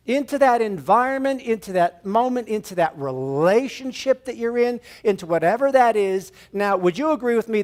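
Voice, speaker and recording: High-voiced man giving an animated sermon. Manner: animated, acts out little scenes and leads the audience in a gesture. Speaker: guest speaker at a church service. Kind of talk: inspirational sermon talk. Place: church room with an audience.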